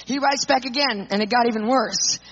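A woman speaker telling an animated personal testimony to an audience, acting out the people in it. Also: a little high, a little fast, slight background noise. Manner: animated storyteller, acts out quotes. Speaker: Christian speaker. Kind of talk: storytelling testimony. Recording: muffled lo-fi recording.

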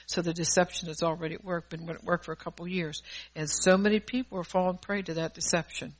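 A woman's voice: on the low side, fairly even intonation, fast talker, rough recording. A middle-aged woman preaching a sermon in a fervent, conversational way, laughing between points.

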